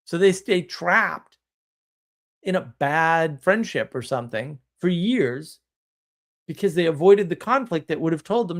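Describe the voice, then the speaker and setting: A man's voice: a little high, expressive, measured pace, a bit bright. A man hosting a live stream, talking in a casual monologue that rambles with restarts and chuckles, blunt and wry.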